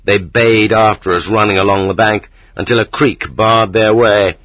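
Low, husky male audiobook narrator. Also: no room sound. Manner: steady, measured storytelling. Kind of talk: first-person audiobook narration. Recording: slightly dull lo-fi recording.

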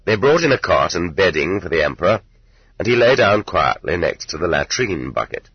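A man narrating an audiobook in measured, even storytelling. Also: low-pitched, slightly rough, no echo, lo-fi sound. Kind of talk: scripted narration.

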